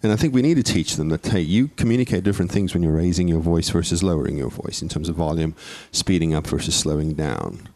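A man's voice: low voice, quick pace, hardly any pauses, a little mellow, no echo. A man in his thirties co-hosting a casual parenting talk, earnest and playfully argumentative. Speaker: podcast co-host.

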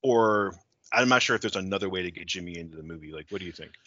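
Deep-voiced man in loose film chat. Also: quick pace, sharp tone, no room sound, dull audio. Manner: rambling, filler-heavy, swears freely. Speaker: podcast co-host.

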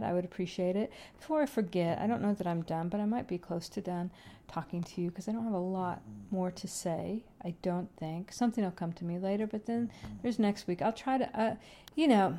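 A woman's voice: mid-range voice, fairly quick, mellow. A woman hosting a solo podcast from home, talking casually in a rambling, chatty, self-deprecating way. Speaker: podcast host.

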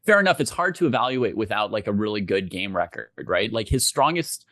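Low-voiced, thoughtful man, dry sound. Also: expressive, fairly bright tone, dry recording. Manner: thoughtful, measured, often says "right?". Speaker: podcast co-host. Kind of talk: casual chat.

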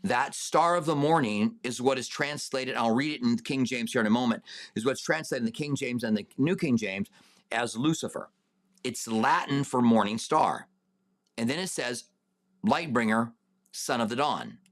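A man leads a Bible study and answers viewer questions at an unhurried pace, with many fillers and restarts. His voice is medium in pitch and becomes raised and emphatic when he reads scripture aloud.

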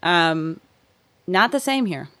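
A woman's voice: fairly low pitch, takes it slowly. Candid, swearing young woman chatting. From Pacific Northwest. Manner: candid, swears freely, animated storytelling. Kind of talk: casual podcast chat.

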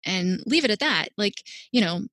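A woman in her thirties talking casually as a guest about child feeding, animated and reassuring, with a lot of "like". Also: mid-range voice, moderate pace, no echo. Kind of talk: casual interview talk.

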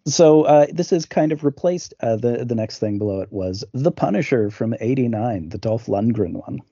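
A man's voice: mid-range voice, expressive, moderate pace, warm tone, no echo, dull audio. A man co-hosting a podcast, chatting casually about films, with many fillers and restarts. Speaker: podcast co-host. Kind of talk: casual film discussion.

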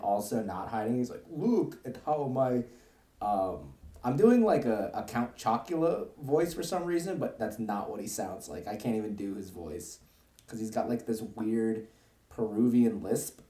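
A man co-hosting a podcast with a lowish, mellow voice. He rambles through an episode recap with fillers and wry asides. The room around him is echoey. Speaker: podcast co-host. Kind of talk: casual chat.

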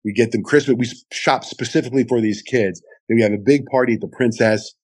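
A middle-aged man, a radio host, telling a long story in an interview and acting out the quotes with big jumps in his voice. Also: fast talker. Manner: lively, acts out quotes with big pitch jumps.

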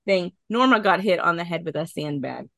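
A woman co-hosting a podcast in casual chat, animated, swearing freely and laughing often. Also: fairly low pitch, brisk, creaky, no room sound. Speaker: podcast co-host.

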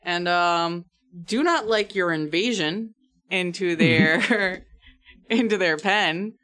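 Brief: playful tabletop game master, mid pitch, jokes with the table. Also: slow, pushed and bright. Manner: teasing, laughs often.

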